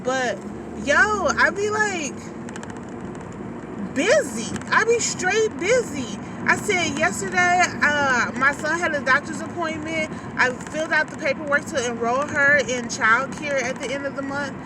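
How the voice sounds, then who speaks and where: A woman's voice: sits high, a little slow. Woman rambling slangy and laughing while driving, mic kinda far, car noise behind. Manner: chatty, laughing, slangy and candid. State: new mother on maternity leave. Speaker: vlogger. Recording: distant mic, road noise. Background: car and road noise.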